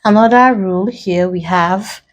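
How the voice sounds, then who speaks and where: A woman leads an exam-prep lesson at a very slow pace. Her pitch sits in the middle. She talks in a deliberate way and spells out word endings letter by letter. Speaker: English tutor.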